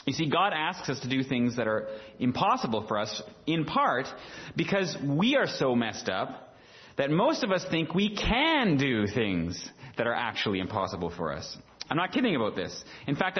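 A man's voice: mid-range voice, dull audio. A man preaching a sermon in a conversational way, full of rhetorical questions and filler words. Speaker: pastor.

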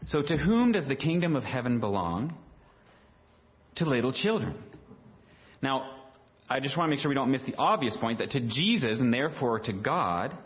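A man's voice: mid-range voice, sing-song, normal speed, pauses often, highs cut off. A man preaching a sermon in a conversational way, full of rhetorical questions and filler words. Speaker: pastor.

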